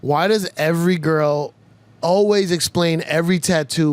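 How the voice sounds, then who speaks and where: A man co-hosting a casual podcast who teases his guest with rapid-fire questions. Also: on the high side, darkish tone, clear, resonant tone, no echo. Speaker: podcast co-host.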